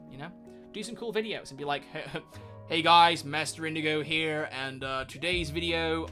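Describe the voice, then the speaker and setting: Fast-talking, bright-voiced male streamer. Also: a little high. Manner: rambling, chatty, answers chat questions. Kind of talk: casual live-stream chat.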